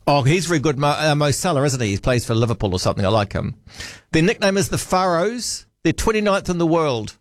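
A slightly high-voiced man hosts a radio call-in show from a dry studio mic. He chats casually, thinks out loud and teases callers in a friendly way. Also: very animated, fast talker, no echo. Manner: chatty, musing aloud, friendly teasing. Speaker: radio talkback host.

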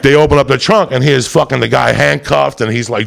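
A man's voice: medium pitch, steady tone, fairly quick, a bit bright. A man telling a rambling, profane comic story, often laughing as he goes. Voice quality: gravelly.

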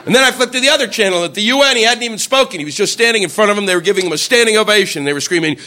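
A man's voice: sits high, rapid-fire, few pauses, a little hiss or hum. A man telling a crude stand-up story, acting out the people in it. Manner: animated, acts out voices, crude. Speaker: stand-up comedian.

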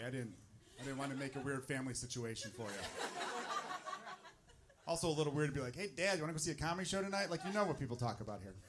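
A male stand-up comedian doing jokes and crowd work, animated and teasing, on a handheld mic in a comedy club. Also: mid-range voice. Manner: animated, teasing, talks to audience members. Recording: noisy live club recording.

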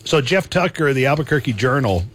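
Guy hosting talk radio, chatty, laughs a lot, repeats stuff, middle pitch. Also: expressive, fast, fairly bright tone, slight background noise. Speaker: radio talk show host. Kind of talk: casual talk radio chat.

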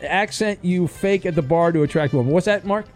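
A man hosting a call-in game show on his radio show, animated and jokey, stumbling over fillers. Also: sits high, a little fast, soft background music.

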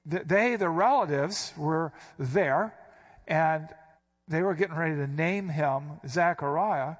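Emphatic preacher man, fairly high voice. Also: takes it slowly. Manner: emphatic, stresses quoted words with sudden rises; explanatory, teacherly. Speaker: pastor. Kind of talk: expository sermon.

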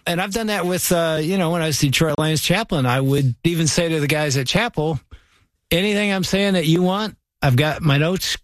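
A man's voice: on the high side, moderate pace. A middle-aged man, a pastor, chatting casually on a podcast and acting out his own quoted remarks.

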